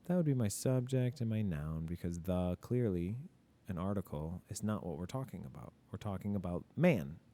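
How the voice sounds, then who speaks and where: A man's voice: low-pitched, lively intonation, moderate pace, mellow. A male teacher talking through grammar examples in a casual lesson, asking and answering his own questions. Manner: casual, admits mistakes openly.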